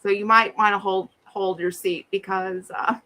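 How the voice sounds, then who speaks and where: Bright, animated middle-aged woman storyteller. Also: mid-range voice, normal speed. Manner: animated, acts out quoted voices. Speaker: podcast co-host. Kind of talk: casual storytelling chat.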